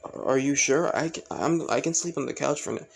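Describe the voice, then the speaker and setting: A man's voice: mid-range voice, normal speed, creaky, slight background noise, close to an everyday voice. A man reading aloud, voicing a shy, timid teenage girl who stammers and hesitates.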